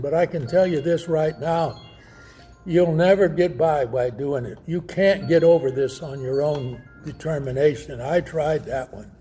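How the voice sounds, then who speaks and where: A man's voice: on the high side, warm tone. A man preaching a sermon, telling stories and acting out quoted voices. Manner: slow, storytelling with quoted voices.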